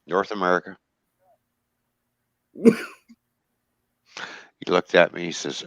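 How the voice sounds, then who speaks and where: A man's voice: low voice, normal speed, creaky, pauses often, fairly bright tone, no echo, highs cut off. A Canadian man hosting a casual live stream, telling a story and acting out both sides of the conversation. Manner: storytelling with laughs, acts out both sides of a dialogue. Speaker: stream host.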